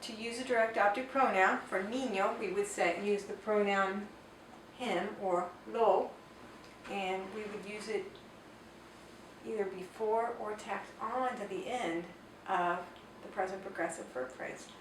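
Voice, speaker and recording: A woman teaching a grammar lesson at a board, explaining slowly and carefully and reading out Spanish example sentences. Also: mid-range voice, fairly even intonation. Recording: echoey room, distant mic, faint noise.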